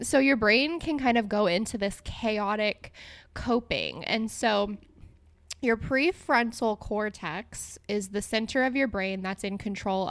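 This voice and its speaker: A young woman hosts a solo podcast in a medium-pitched voice, recorded with no echo. She talks casually and chattily, giggling often and filling her speech with "like."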